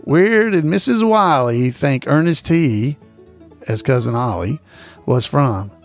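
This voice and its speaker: A man's voice: medium pitch, animated, slow pace, soft background music. A man hosting a casual trivia podcast, repeating each question in a folksy, chuckling way. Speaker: trivia host.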